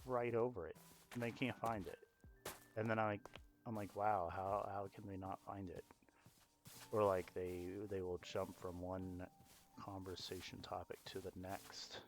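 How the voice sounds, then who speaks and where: A man giving rambling, self-mocking let's-play commentary with lots of fillers, talking into a desk mic. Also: low-pitched. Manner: chatty, digressive, self-mocking, many fillers. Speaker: gaming YouTuber.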